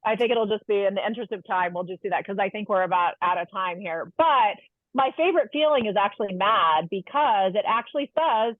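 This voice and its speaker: A woman giving a webinar talk on parenting calm, explaining steps and asking her listeners questions. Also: medium pitch, a little fast, dry recording. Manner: warm explanatory, asks the audience questions. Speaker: webinar presenter. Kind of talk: webinar lecture. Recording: tinny phone-like line, dry.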